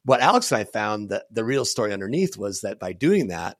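A middle-aged man, a podcast guest, telling stories in a casual, animated way, full of "you know" fillers and the odd swear word. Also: fairly low pitch, fairly quick, no echo, clean studio sound. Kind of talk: casual storytelling interview.

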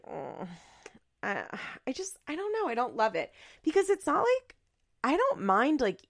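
Candid woman with a gravelly edge. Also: medium pitch, fairly bright tone. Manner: candid, swears freely, lots of fillers. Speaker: podcast host. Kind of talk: casual solo chat.

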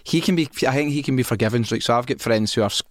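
Frank, chatty Scottish host. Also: male voice, medium pitch, rapid-fire, no room sound, studio quality. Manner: frank and chatty, thinking aloud. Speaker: podcast host. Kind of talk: casual podcast chat.

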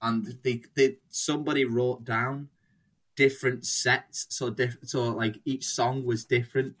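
A man's voice: mid-range voice, little pitch movement, unhurried, a bit bright. A young man in casual chat, rambling through anecdotes, swearing freely and acting out quotes.

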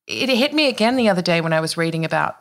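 A woman hosts a conversational interview. Her voice is low and gravelly, with a slight fry. She speaks reflectively and at a measured pace. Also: expressive.

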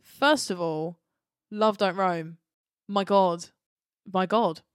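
A woman's voice: on the low side, takes it slowly, clear, resonant tone, no room sound, clean studio sound. A young woman co-hosting a podcast, gushing with enthusiasm in casual chat. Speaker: podcast co-host.

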